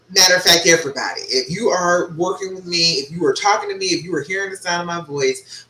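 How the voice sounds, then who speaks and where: A woman's voice: sits low, pushed and bright, roomy sound, slight background noise, low-quality recording. A woman relationship coach on a live stream, giving chatty, encouraging advice and often checking in with "okay?". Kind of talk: live-stream advice and reading viewer comments.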